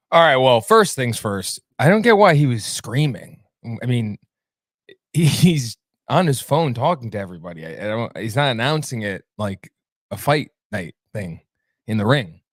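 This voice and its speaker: A man's voice: mid-range voice, big pitch swings, unhurried, no room sound, clean studio sound. A man hosting a sports talk show in a casual, rambling way, cracking sarcastic jokes between fillers. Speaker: podcast host. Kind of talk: casual chat.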